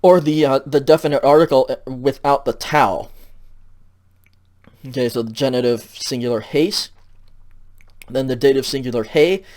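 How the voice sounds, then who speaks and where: A man giving a recorded lecture over slides, patient and explanatory, checking in often and filling pauses with ums. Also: mid-range voice, a little mellow. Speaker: teacher.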